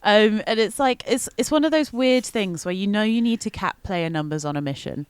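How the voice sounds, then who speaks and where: A woman's voice: mid-range voice, expressive, brisk, clear, resonant tone, no echo. A woman co-hosting a podcast, chatting casually and laughing often as she recaps an event with many ums. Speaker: podcast co-host.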